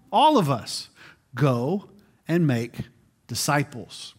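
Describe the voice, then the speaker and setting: A man's voice: fairly high pitch, a bit bright. A man in his forties preaching a sermon in a conversational way as pastor, often repeating words as he restarts.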